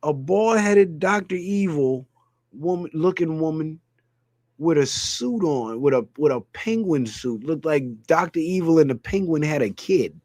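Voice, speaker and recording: A man's voice: a little high, animated, measured pace, darkish tone, no room sound, clean studio sound. A man hosting a ranting comedy commentary, crude and mocking, laughing at his own jokes. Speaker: channel host.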